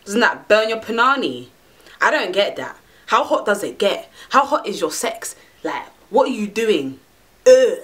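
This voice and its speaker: A young woman vlogging straight to camera, brash and full of slang and swearing. Her voice sits a little high and swoops all over the place as she rants, lively and expressive throughout. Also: normal speed. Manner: brash, animated and profane, heavy slang. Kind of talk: casual monologue to camera.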